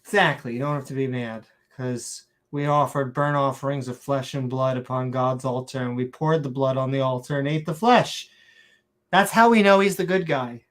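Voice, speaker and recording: A man's voice: medium pitch, normal speed, fairly bright tone. A man hosting a podcast, reading scripture verses in a mock-solemn tone and mocking them sarcastically. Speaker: podcast host.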